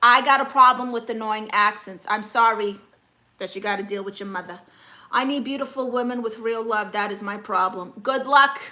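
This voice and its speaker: A woman's voice: fairly high pitch, normal speed, sharp tone. Sassy woman doing a live Q&A. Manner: blunt, sassy advice-giving. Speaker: comedian hosting a live Q&A. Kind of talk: live-stream chat reading comments.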